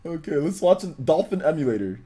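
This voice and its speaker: Excitable young man hosting a stream. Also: fairly high pitch, fairly quick, breathy edge. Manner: rambling and excitable, laughs often, reads chat questions aloud. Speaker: gaming livestream host. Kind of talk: casual livestream chat.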